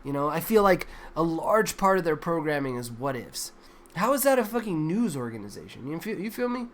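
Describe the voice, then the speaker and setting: A man's voice: fairly high pitch, very animated, fairly quick, a little hiss or hum. A man hosting a livestream, reacting to news clips with crude, exasperated, rambling commentary full of swearing. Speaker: livestream host.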